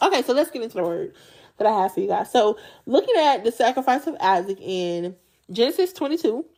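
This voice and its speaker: A woman delivers a casual, conversational sermon in a fairly high voice that swoops up and down expressively. She jokes often, slips into slangy everyday speech and keeps the tone chatty and animated. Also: a little fast. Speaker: Bible study podcast host.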